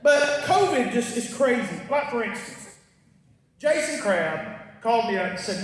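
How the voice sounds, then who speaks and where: With a very high-pitched voice that swings a lot, a man works through a stand-up set of folksy stories, punchlines and asides at a measured pace. A little hiss or hum is present, and the stage mic is picked up from far back in a large concert hall with a live crowd, giving an echoey sound.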